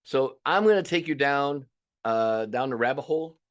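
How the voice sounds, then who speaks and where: Male business coach, mid-pitched voice, punchy and casual, playing out client complaints. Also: normal speed. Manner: energetic, emphatic, acts out owners' voices; casual and blunt, swears now and then. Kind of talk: coaching webinar presentation.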